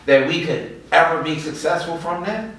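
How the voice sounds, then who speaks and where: A man's voice: on the high side, moderate pace, fairly bright tone. A man in a casual group discussion, emphatic and repeating his points. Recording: echoey room, mic far off.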